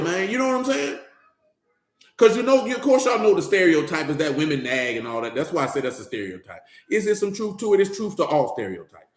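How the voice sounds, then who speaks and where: A man giving an informal Bible teaching in a conversational, slangy way, speaking straight to his listeners. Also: sits high. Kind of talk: informal sermon. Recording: roomy echo.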